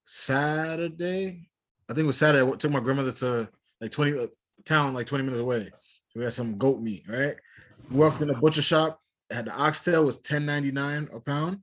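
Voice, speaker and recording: A man's voice: medium pitch, a little fast, fairly bright tone. A man co-hosting a casual podcast chat, joking and laughing often in loose slangy banter. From West Indian family. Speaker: podcast co-host.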